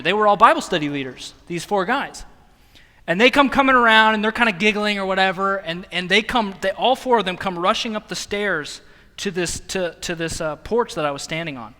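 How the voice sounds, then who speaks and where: A young man preaching, telling a story in a lively, self-mocking way with bursts of laughter. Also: high-pitched, a little fast. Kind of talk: sermon storytelling. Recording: long hall reverb.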